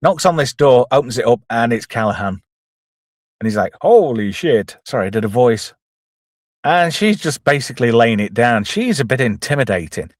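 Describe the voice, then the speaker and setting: A man's voice: medium pitch, very animated, brisk, no room sound, clean studio sound. A man chattily retelling a comedy film scene by scene, with self-deprecating asides. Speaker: film reviewer, channel host. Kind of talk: casual film recap.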